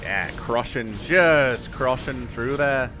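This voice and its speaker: A cheery, over-the-top Australian game caster, as a man puts him on with a put-on accent. The voice sits higher and louder than a natural one, with exaggerated slang throughout. Steady background music plays underneath. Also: slow, lightly acted. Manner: exaggerated slang, raised pitch, loud. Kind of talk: mock-Australian game commentary.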